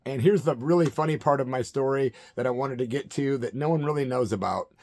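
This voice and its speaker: A middle-aged man hosting his channel, telling a story in an animated, hyper way and acting out the quotes. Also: medium pitch, fairly quick. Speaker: channel host. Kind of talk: storytelling monologue.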